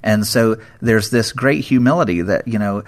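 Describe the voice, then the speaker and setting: A man's voice: lowish voice, normal speed. A man co-hosting a casual Bible discussion, explaining scripture in an earnest, emphatic way.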